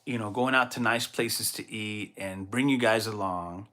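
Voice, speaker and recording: Texas guy hosting his podcast solo, bright voice, rambles and restarts a lot. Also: lowish voice, normal speed. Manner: rambling, animated storytelling with frequent restarts. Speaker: podcast host. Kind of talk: casual solo monologue.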